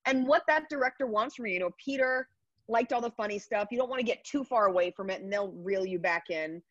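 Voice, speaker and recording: A woman in her thirties, a comedian, chatting upbeat and quick in an interview over a video call. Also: mid-range voice, fairly bright tone, no room sound. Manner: chatty, upbeat, rapid asides. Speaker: comedian guest. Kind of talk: casual interview answers. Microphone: computer mic on a video call. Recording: dry, dull video call audio.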